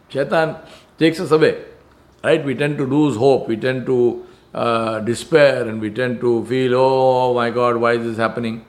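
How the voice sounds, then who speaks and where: A man preaching a sermon in an earnest manner, stressing points by repetition and often restarting his phrases. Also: a little high.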